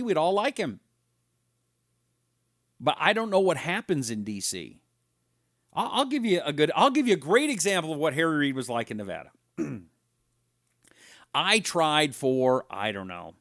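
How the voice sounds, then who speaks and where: A middle-aged man hosting a live radio talk show tells anecdotes chattily and reads viewer comments aloud. His voice is fairly high and a bit bright, with clean studio sound and no echo.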